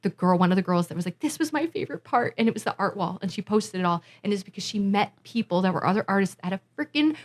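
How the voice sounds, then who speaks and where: A woman from Massachusetts telling festival stories in casual podcast chat, emotional and animated, acting out what people said. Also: medium pitch, fast talker, hardly any pauses. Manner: animated, emotional storyteller, acts out quotes. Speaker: musician and festival organizer, guest.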